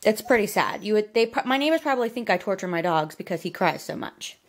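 A young woman with a drawl chatting casually through a home vlog, rambling with lots of fillers and switching to a high cooing voice for her pets. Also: lively intonation, quick pace, a little hiss or hum. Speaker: vlogger.

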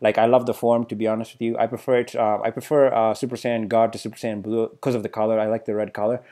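A man hosting a casual trailer reaction video, excitable and stammering, often repeating himself. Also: lowish voice, quick pace. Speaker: YouTube reaction host.

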